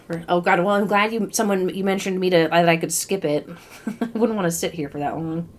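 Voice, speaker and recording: A woman streamer giving casual game commentary in an animated, exclaiming way. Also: fairly low pitch, fairly quick.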